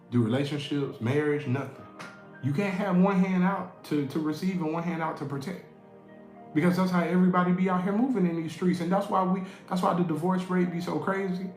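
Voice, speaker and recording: A man giving a motivational talk, preachy and repeating key lines for emphasis. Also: fairly high pitch. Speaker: inspirational speaker. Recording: echoey room with faint music.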